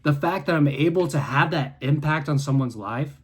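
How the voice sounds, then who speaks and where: A man in his early twenties giving an intense, preachy motivational monologue to camera in his room, swinging from quiet to loud. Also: a little high, moderate pace, husky. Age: 20s. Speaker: content creator.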